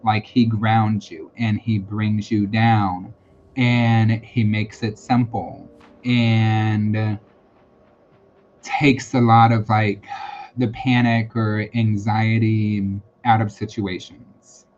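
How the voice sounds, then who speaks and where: A man's voice: lowish voice, little pitch movement, very slow, darkish tone, faint music behind. A man hosting a live-streamed tarot and psychic reading, talking casually and reassuringly with lots of fillers and repeated phrases. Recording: dull lo-fi sound with faint background noise.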